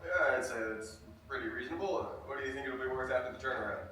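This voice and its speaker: A man playing a brisk business partner. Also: medium pitch, pushed and bright, a little hiss or hum, close to an everyday voice. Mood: businesslike. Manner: brisk, matter-of-fact, with "uh" fillers. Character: businessman reporting on a property deal. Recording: distant echoey room.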